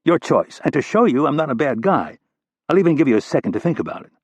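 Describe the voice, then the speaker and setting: A man's voice: fairly high pitch, sing-song, quick pace, husky, dry recording, pitched above the performer's own voice. A man voicing a tough male government agent who speaks in a cool, clipped and assured way. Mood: cool, threatening. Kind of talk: audiobook character reading.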